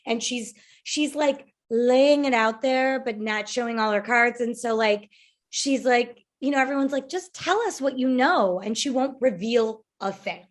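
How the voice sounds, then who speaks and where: Woman, slightly high-pitched, podcast co-host, chatty recap, lots of fillers. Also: measured pace. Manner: chatty recapper, many fillers like "you know" and "like". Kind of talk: casual reality TV gossip chat.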